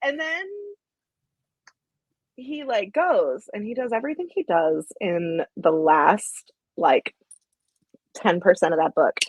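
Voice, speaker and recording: Husky-voiced woman podcast host. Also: lowish voice, lively intonation, darkish tone, no room sound, poor audio. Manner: gushing, halting, many restarts. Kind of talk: casual podcast chat. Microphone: AirPods.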